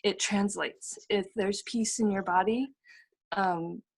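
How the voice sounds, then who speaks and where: A woman's voice: mid-range voice, steady tone, slow pace, gravelly. A middle-aged woman sharing a personal testimony over a video call, earnest and full of fillers and repeated phrases. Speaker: testimonial speaker.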